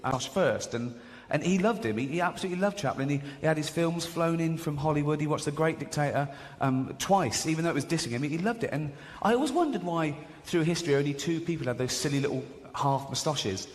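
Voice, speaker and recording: Comedian mocking on stage. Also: male voice, lively intonation, fast talker, hardly any pauses. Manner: chatty, mocking, laughs at his own jokes, swings into high-pitched mock voices. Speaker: stand-up comedian. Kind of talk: stand-up comedy routine. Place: large theatre with live audience. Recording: echoey hall with audience noise.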